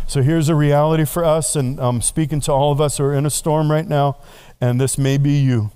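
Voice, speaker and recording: Lively storytelling preacher, a man. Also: fairly high pitch, brisk, clear, resonant tone. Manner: animated storytelling with playful asides. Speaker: pastor. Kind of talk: sermon.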